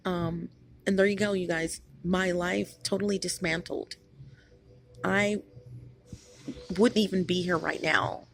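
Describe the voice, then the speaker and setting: A woman's voice: lowish voice, steady tone, slow pace, gravelly, pauses often, slight background noise. A woman hosting her own channel, talking in a rambling, emphatic vlog monologue with many restarts, tired after being up all night. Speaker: channel host.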